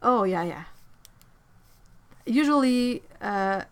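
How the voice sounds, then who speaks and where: A woman with as her chats on her art stream, reading and answering viewers' questions. She sounds playful and loose, laughs often and trips over words now and then, at an ordinary pitch. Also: moderate pace, a little mellow. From Quebec, Canada. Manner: chatty and playful, with frequent laughs and self-corrections. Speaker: artist livestreaming. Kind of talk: casual livestream chat answering viewers.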